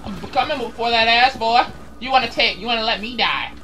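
A young man giving casual gameplay commentary, excitable, swearing and shouting at enemies. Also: very high voice, a little fast, faint music behind. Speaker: gaming channel host.

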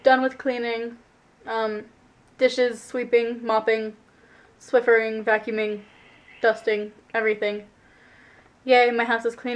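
A woman's voice: a little high, steady tone, measured pace, pauses often, muffled recording. Chatty young woman vlogging at home. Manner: rambling, chatty, drifts into put-on accents. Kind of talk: casual vlog chat. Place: at home indoors.

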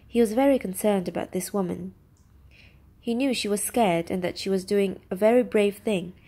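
A woman whose first language is Vietnamese, reading a classic storybook aloud in steady, clear narration. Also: mid-range voice, moderate pace. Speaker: storybook reader. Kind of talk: scripted narration.

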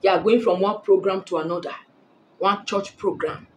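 A woman's voice: medium pitch, fairly even intonation, normal speed, a little mellow, a little hiss or hum, low-quality recording. Emphatic woman giving blunt dating advice. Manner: emphatic, preachy, repeats phrases for emphasis. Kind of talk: direct-to-camera advice talk.

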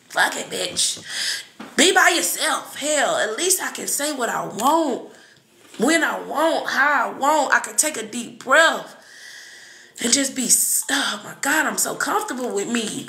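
A woman reading and chatting on a live stream, blunt and profane, with sudden shouts and laughs. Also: high voice, very animated, normal speed, reverberant. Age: adult with children. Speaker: psychic reader on a live stream. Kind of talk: casual live-stream talk.

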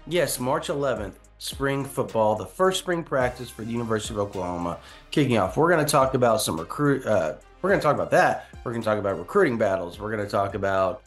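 Casting: chatty male sports-podcast host, lowish voice, faint music bed behind. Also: expressive, fast. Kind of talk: casual sports podcast chat.

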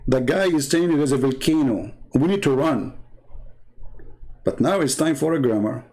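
Sarcastic gravelly man, Arabic accent. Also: medium pitch, animated, moderate pace, a little mellow. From Middle East. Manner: sarcastic, mocking storyteller; broken English grammar. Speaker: religious debate commentator. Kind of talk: casual ranting monologue.

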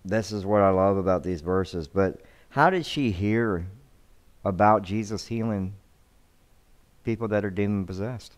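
A man's voice: fairly low pitch, measured pace. A male pastor preaching a sermon, reading scripture aloud and often repeating words as he restarts his sentences. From United States.

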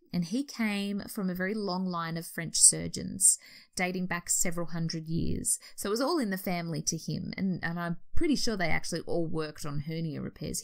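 A woman's voice: on the low side, vocal fry. An Australian woman, a nurse educator, explaining a history topic in an informal way, correcting herself as she goes. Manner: explanatory, with restarts and self-corrections.

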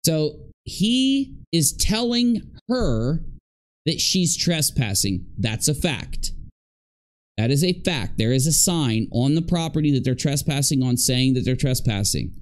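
A man's voice: medium pitch, lively intonation, normal speed. A man giving indignant reaction commentary on video clips, stressing points by repeating them.

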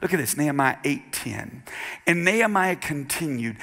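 A male pastor preaching a sermon in a church, building from quiet emphasis to shouted, half-sung refrains. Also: a little high, expressive, normal speed, gravelly. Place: church sanctuary with keyboard accompaniment. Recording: live church service with music behind. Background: keyboard music.

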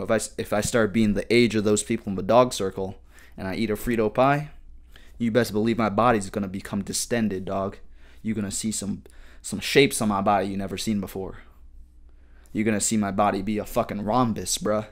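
A man in his twenties hosting a solo comedic podcast, rambling and swearing with heavy slang and animated outbursts. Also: lowish voice. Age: 20s. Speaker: podcast host.

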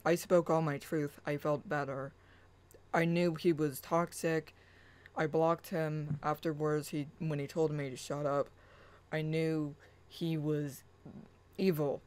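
A spiritual vlogger speaks at an unhurried, drawn-out pace, pausing often and filling the gaps with hesitant fillers. The passages read aloud turn soft and chant-like, in a mid-range voice. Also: mid-range voice, level tone, low-quality recording. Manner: slow, halting, with many pauses and fillers. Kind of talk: personal rant and reading own blog post aloud.

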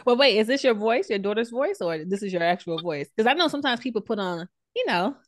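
A woman's voice: fairly high pitch, lively intonation, fast, dry recording. A woman hosting a podcast, asking curious questions and teasing her guests with easy laughs. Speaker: podcast host. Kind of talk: casual interview chat.

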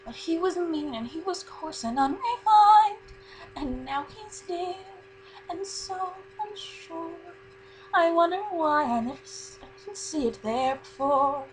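Lady doing a wistful bookish cartoon girl, light and high, slow. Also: expressive, soft background music, low-quality recording. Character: bookish, wistful young heroine.

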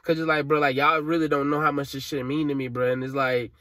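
Speaking fast in a fairly high, sharp voice with little pitch movement, a tearful young vlogger from Alabama, USA, vents emotionally to the camera. The recording is dry and studio quality, and he rambles in frustration with profanity and slang.

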